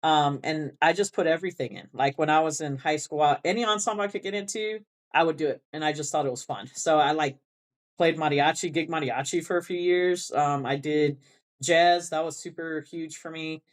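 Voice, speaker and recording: This is casual interview chat from a woman who directs a band and carries a South Texas Rio Grande Valley accent. She talks a little fast in a deep voice, laughing often and circling back to restart her thoughts.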